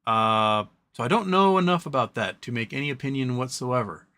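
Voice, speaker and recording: A man's voice: medium pitch, animated, brisk, sharp tone. A man hosting a live stream, chatting casually about stocks and reading viewer questions, with a rambling delivery full of ums and self-corrections.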